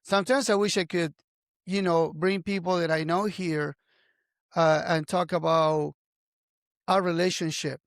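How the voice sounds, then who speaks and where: A man hosting a casual podcast interview who talks in a halting way and keeps agreeing with "right". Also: a little high, steady tone, no room sound, studio quality. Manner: halting, affirming, lots of "right" and "um". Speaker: podcast host.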